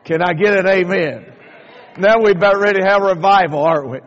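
Preaching fast in his highish voice, this pastor from Kentucky delivers a folksy, story-driven sermon with playful remarks aimed at the congregation. The recording, made in a church sanctuary, has a dull lo-fi quality and a long echo off the reverberant hall.

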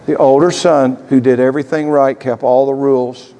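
A male pastor preaching a sermon, telling a story dramatically and swinging between loud and hushed delivery. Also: mid-range voice, fairly even intonation, moderate pace, in a large hall.

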